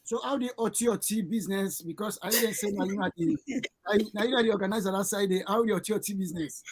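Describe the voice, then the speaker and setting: Krio-accented radio host, halting questions, frequent hesitations, mid-pitched voice. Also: slightly rough. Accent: Sierra Leonean Krio. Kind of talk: radio interview.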